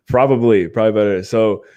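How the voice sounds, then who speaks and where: A man's voice: fairly low pitch, darkish tone, dull audio. Chatty upbeat male podcast host. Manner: upbeat, chatty, laughs often. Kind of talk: live stream chat.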